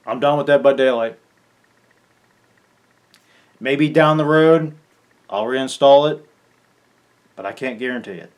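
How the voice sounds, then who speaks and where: Pissed off gamer guy ranting at the camera, swearing, tripping over his words, mid-pitch voice. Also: measured pace, pauses often. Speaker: gaming content creator. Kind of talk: angry farewell rant to camera.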